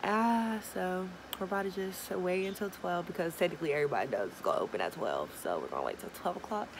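A young woman vlogging casually, talking, swinging between murmured asides and excited squeals. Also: on the low side, quick pace, background noise. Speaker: small business owner launching an online store. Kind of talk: casual vlog chat.

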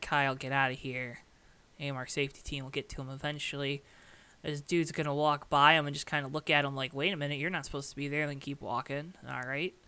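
A man's voice: fairly high pitch, pushed and bright, clear, resonant tone, dry recording. A man talking casually over race footage as a commentator, joking, sarcastic and rambling. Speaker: racing video commentator.

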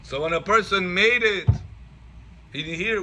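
A man's voice: sits high, measured pace, pauses often, very noisy. A man teaching a class as a rabbi, telling stories and acting out the dialogue with animation. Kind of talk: storytelling Torah class.

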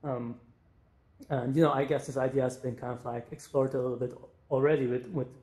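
Halting man presenting, roomy sound. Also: mid-range voice, steady tone, mellow. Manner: hesitant, many fillers and restarts. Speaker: presenter, startup co-founder. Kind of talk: conference talk in a virtual space. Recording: roomy echo.

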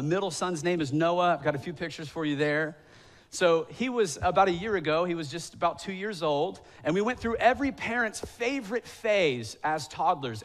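Higher-voiced man preaching a sermon. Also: fairly bright tone. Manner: conversational storytelling with self-deprecating humor; acts out quoted voices, rising to emphatic pleading. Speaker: pastor. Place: church sanctuary.

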